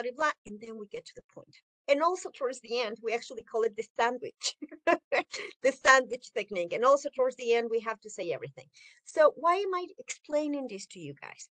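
A woman teaching an online class over a video call, animated, often laughing and acting out her examples. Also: sits high, no room sound, rough recording. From Mexico.

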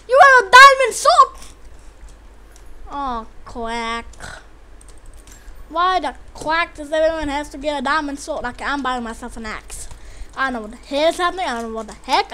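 A woman gives excitable live gameplay commentary in a high voice, trash-talking and yelling at opponents and teammates, then dropping into quieter muttering. The recording has a little hiss or hum.

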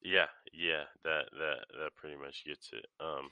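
A man's voice: a bass voice, steady tone, measured pace, clean tone, dry recording, dull audio. A man co-hosting a film podcast, speaking in a thoughtful, reflective way. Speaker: podcast co-host. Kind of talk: casual film discussion.

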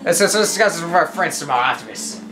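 A woman with a notably low voice gives casual let's-play commentary while playing a video game, chatty and animated at a quick pace. She often stumbles and restarts her words and reads game lines aloud. Game music runs underneath in a reverberant space.

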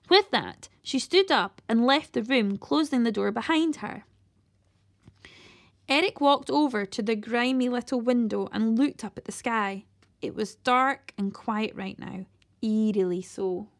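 Woman, higher voice, reading a chapter book aloud, steady, the odd self-correction. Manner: steady read-aloud with occasional slips and restarts. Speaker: storyteller reading a children's book. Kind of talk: reading a children's novel aloud.

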